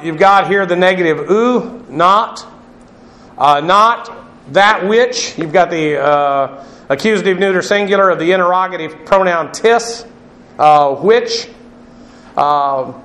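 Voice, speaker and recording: A man's voice: high voice, a bit bright. A man giving a Bible lesson, explaining Greek words and spelling them out letter by letter. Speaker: Bible teacher. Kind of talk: classroom Bible lecture. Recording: echoey room.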